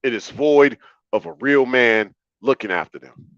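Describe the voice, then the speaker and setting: A man's voice: mid-range voice, a little slow, fairly bright tone, dry recording, lo-fi sound. A man hosting a livestream monologue, talking in an emphatic, repetitive, preachy way. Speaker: livestream host.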